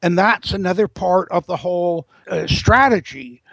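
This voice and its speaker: A man with a high, gravelly voice talks as a guest in an interview, winding through long explanations and often restarting his sentences. The sound is close and dry. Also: expressive, normal speed, fairly bright tone, dry recording, poor audio. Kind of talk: interview commentary.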